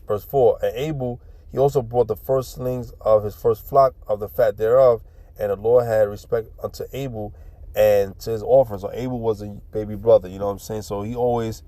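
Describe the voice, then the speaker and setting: A man's voice: fairly low pitch, dark tone, dry recording. A man teaching scripture in an informal, street-talking way, reading verses and then explaining them bluntly with profanity and frequent repetition.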